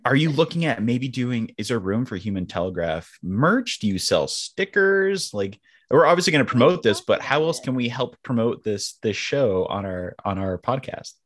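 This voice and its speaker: A man hosting a casual podcast interview, enthusiastic, with halting restarts. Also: medium pitch, expressive. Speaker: podcast host.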